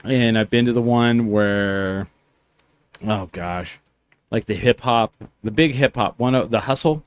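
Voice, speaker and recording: A man's voice: on the low side, unhurried, smooth, no room sound. A man co-hosting a podcast, telling rambling anecdotes in casual chat and swearing freely. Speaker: podcast co-host.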